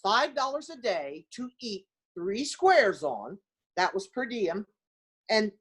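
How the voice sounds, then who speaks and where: A woman's voice: medium pitch, slow pace, breathy edge. An older woman telling stories in a casual interview, acting out what people said and laughing as she goes. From small-town United States. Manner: animated storyteller who acts out quoted voices and laughs often. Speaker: former basketball player, interview guest.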